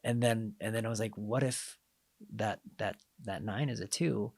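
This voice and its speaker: A man's voice: fairly low pitch, moderate pace, gravelly, dry recording, studio quality. A man hosting a casual podcast conversation, telling coaching stories and acting out quoted exchanges. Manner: animated storyteller, acts out quoted exchanges.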